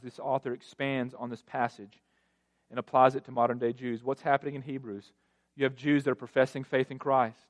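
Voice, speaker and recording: A male pastor preaching a sermon, emphatic, with sweeping rises in pitch and loudness and repeated phrases for effect.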